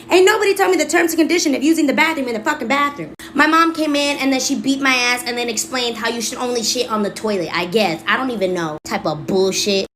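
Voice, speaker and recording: Brash, fast-talking woman telling a story. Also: high voice, fairly bright tone, slight background noise. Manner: brash, profane, sassy. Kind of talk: comedic storytime monologue.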